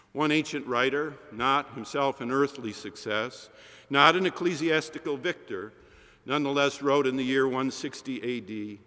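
A male pastor preaching a sermon in a large church. He repeats phrases in a steady rhythm and lets his voice drop dramatically at the ends of lines. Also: mid-range voice, normal speed. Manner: rhythmic, repetitive cadence with dramatic drops. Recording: long hall reverb.

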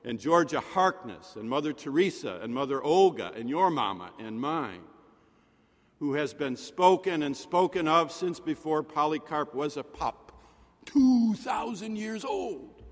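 A man preaching a sermon in a rhetorical manner, with dramatic pauses and soft drops in his voice. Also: on the high side, lively intonation. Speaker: pastor. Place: chapel. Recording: long reverb of a chapel.

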